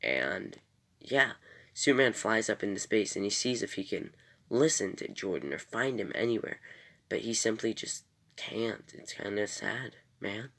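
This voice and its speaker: Gravelly low-voiced man rambling a recap. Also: animated, unhurried, bright, forceful tone. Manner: rambling, many fillers and self-corrections. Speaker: TV episode reviewer. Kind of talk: casual recap review.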